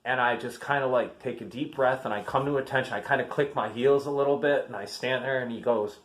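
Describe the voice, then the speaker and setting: A man in his fifties chats through an army story in a loose, rambling way. He circles back and restarts his sentences, like a veteran talking to friends. His voice sits at an everyday middle pitch. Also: fairly quick, hardly any pauses. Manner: rambling, chatty, many fillers and restarts. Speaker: army veteran showing family military keepsakes. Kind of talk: casual storytelling vlog.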